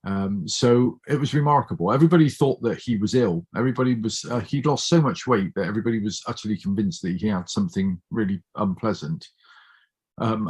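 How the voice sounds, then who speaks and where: A man's voice: mid-range voice, expressive, normal speed, husky. A middle-aged man with a Bristol accent, chatting openly as a guest and telling personal stories in an anecdotal way. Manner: chatty, anecdotal, open and warm-hearted. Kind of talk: casual storytelling chat.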